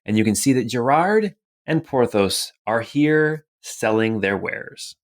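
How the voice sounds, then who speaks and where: A man's voice: medium pitch, unhurried. Easygoing male game master. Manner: relaxed, many fillers. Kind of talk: narrating a tabletop game.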